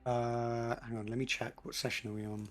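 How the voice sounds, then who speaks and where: A man's voice: mid-range voice, little pitch movement, moderate pace, soft background music. Easygoing male streamer guest. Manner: easygoing, chatty. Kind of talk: casual chat.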